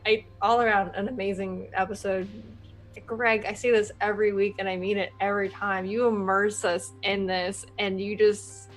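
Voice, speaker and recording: A woman's voice: mid-range voice, level tone, normal speed, rough recording. Bubbly rambling woman streamer. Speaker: player and streamer. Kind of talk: casual post-game chat.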